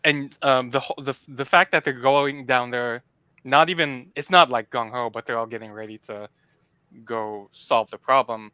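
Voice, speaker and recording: Earnest bright-voiced man, casual chat. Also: mid-range voice, moderate pace, smooth, no echo, muffled recording. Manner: earnest, restarts often, animated. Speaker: podcast co-host. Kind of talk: casual film discussion.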